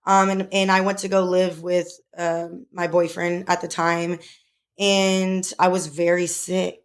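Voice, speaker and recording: Low, flat-voiced woman podcast co-host. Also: a little slow. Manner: emotional, tearful at times, filler-heavy. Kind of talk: personal story in casual chat.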